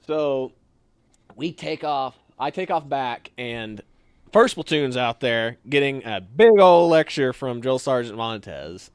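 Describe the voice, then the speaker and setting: A young man casually telling a story, animated and acting out what others said. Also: slow, clean tone, no echo, clean studio sound. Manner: animated, acts out quotes with sudden higher shouts. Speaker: storyteller guest.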